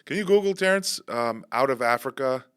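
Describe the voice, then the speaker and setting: A man's voice: mid-range voice, expressive, a little fast, a bit bright, clean tone. A man hosting a podcast in casual chat, joking around and asking plenty of questions. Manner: joking, asks many questions.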